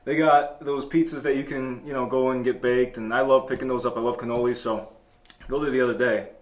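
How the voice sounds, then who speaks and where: A man hosting a comedy talk show, telling a boastful tall tale in a deadpan way. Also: mid-range voice, a little fast. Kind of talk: comedic storytelling. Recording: echoey room.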